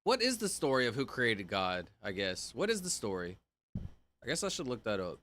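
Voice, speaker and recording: A man's voice: medium pitch, huge pitch swings, normal speed, fairly bright tone, a little hiss or hum. A young man streaming, rambling in casual chat and full of "like" and "bro". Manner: rambling, filler-heavy, says "like" and "bro" a lot.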